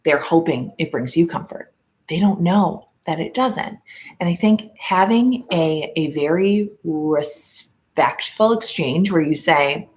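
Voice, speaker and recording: Podcast host, woman, low pitch, loose rambling chat, filler-heavy. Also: a little slow. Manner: rambling, many fillers and restarts; mimics others in a higher voice when quoting. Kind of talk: casual livestream chat.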